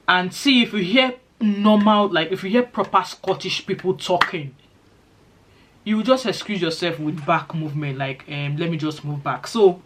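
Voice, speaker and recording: A middle-aged woman from Nigeria with a Nigerian accent, chatting quickly and animatedly to her channel's viewers. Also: fairly low pitch. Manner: fast-talking, lively storytelling. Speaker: vlogger. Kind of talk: casual chat to camera.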